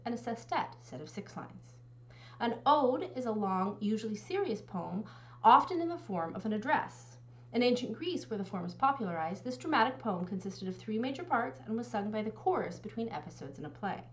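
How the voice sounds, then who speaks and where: A woman instructor talks through a recorded lecture with a clear, explanatory manner. Her voice sits a little high and moves with lively rises and falls. The audio is somewhat dull and lo-fi.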